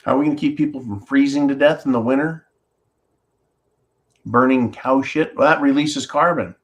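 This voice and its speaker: A man's voice: mid-range voice, moderate pace, muffled recording. A male commentary host with a mid-range voice, worked up and sarcastic. He rants to his audience, mocks other people's words in quotes and reads out viewer comments. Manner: animated, sarcastic ranting with mock-quoted voices.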